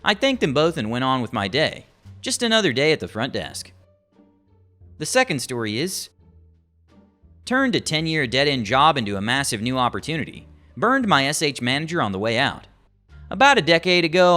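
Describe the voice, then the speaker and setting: Bright, animated male narrator reading stories over soft music. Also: mid-range voice. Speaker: story narrator. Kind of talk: reading online stories aloud.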